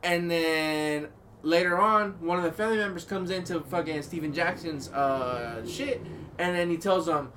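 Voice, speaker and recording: A man's voice: fairly high pitch, moderate pace, a bit bright, slight background noise. A man hosting a sports podcast, telling stories in a rambling, profane way full of "like" and acted quotes. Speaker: podcast host. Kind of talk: casual chat, storytelling.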